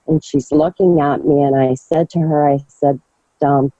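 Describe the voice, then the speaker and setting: A man recounting a personal story on an online call, slow and halting. His voice is very dark, and the call audio sounds dry and dull. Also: fairly high pitch, flat delivery, dry recording. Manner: halting, with many fillers and restarts. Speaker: caller sharing a story.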